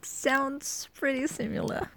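Slow, gravelly German-accented woman teasing. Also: sits high, steady tone, a bit bright. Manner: teasing, giggly, often drops to a whisper. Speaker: audio role-play performer. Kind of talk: flirty audio role-play.

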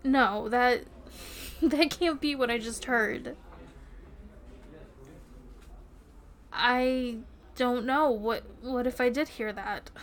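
A woman's voice: a little high, takes it slowly, a bit bright, slight background noise. A woman playing a giggly teasing girlfriend. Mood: stunned. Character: playful teasing young adult girlfriend. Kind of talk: romantic audio role-play.

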